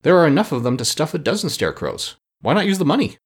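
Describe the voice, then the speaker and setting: A man's voice: on the high side, sing-song, quick pace, slightly rough, voice pushed up, exaggerated voice. Eager young boy as a man reads him. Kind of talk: storybook reading.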